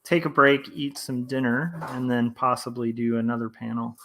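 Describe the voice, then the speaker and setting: A man's voice: medium pitch, normal speed, background noise. A man in his thirties chatting casually on a livestream while he draws, rambling through many fillers and restarts and reading chat messages aloud. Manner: relaxed and friendly, reads chat aloud. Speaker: comic artist streamer. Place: home studio indoors.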